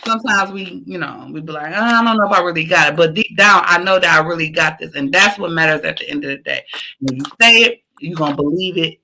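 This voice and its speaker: A woman's voice: lowish voice, gravelly, sharp tone, slight background noise, poor audio. A woman podcast host closing her show with a fired-up motivational speech. She repeats each point over and over, preaches encouragement, and keeps the talk casual and slangy. Now and then she drops a curse word. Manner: emphatic, repetitive, preachy encouragement; casual, slangy, occasionally profane.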